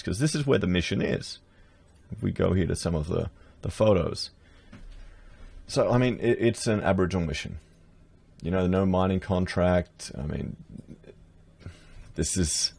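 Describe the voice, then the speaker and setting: A man's voice: fairly low pitch, gravelly, a little mellow, no echo. An Australian man chatting casually to his viewers, sarcastic as he browses house listings and addresses them as guys. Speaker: political commentator.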